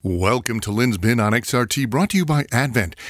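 A man's voice: mid-range voice, expressive, fairly quick, no room sound, clean studio sound. A man reading a wry, scripted radio essay as host. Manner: wry storyteller, acts out little quotes.

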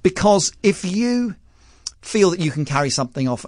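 A man with a posh southern English accent, a magician guest on a radio show, telling stories in an animated way and laughing often. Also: high voice, normal speed, dry recording, studio quality. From London. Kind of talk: radio interview.

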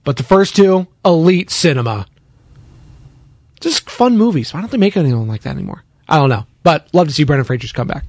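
A man's voice: fairly high pitch, big pitch swings, fairly quick, darkish tone, no room sound. A man runs a sports radio monologue in a slightly raised voice, sarcastic and prone to drifting off on tangents. The sound is dry and close, like a studio microphone with no room around it. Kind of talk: opinionated sports talk monologue.

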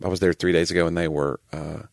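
A man with a low voice, telling stories in relaxed podcast talk. The sound is dry and close, with no room around it. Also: vocal fry, dry recording. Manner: chatty storyteller, quick asides and laughs. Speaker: podcast co-host. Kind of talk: casual chat.

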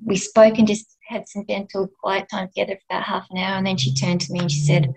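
A middle-aged woman with an Australian accent, speaking gently and with feeling as a guest in a podcast interview. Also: medium pitch, level tone, fast talker, low-quality recording. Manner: gentle, emotional, heartfelt. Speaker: end of life doula and nurse, guest.

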